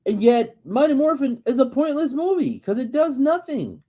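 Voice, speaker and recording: A man's voice: very high-pitched, moderate pace. A man co-hosting a casual podcast, rambling and profane, stumbling over repeated restarts as he rants. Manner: animated, ranting. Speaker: podcast co-host.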